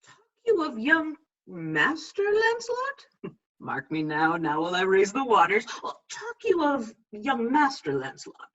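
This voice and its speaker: A woman reading a cheeky, restless young male servant clown in an amateur play reading, comic and jumping into squeaky voices. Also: very animated, normal speed, a bit bright. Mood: mischievous. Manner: comic, switching into squeaky voices for inner quarrels. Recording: muffled lo-fi audio.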